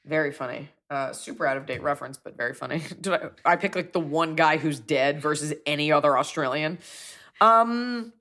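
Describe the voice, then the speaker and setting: A comedian in her forties hosting a casual chat, answering fan questions and jumping into quick accent bits. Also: low-pitched. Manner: animated, jumps into quick bits of accents and impressions.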